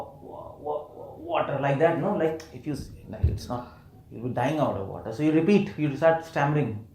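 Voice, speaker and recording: A man's voice: medium pitch, darkish tone. Man lecturing in a roomy hall. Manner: questions the audience, playful, repeats words for emphasis. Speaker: preacher. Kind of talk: scripture lecture to a live audience. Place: temple hall.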